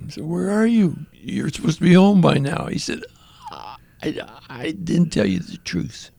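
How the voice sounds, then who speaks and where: Older male radio guest, husky storyteller, lively pitch, acts out the voices. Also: normal speed, no echo. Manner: animated storytelling, acting out quoted voices. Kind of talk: conversational testimony.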